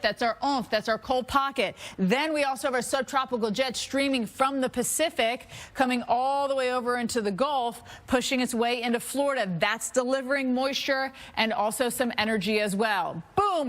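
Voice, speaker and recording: A middle-aged woman presenting a live TV weather forecast, lively and chatty, laughing at her own slips. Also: on the high side.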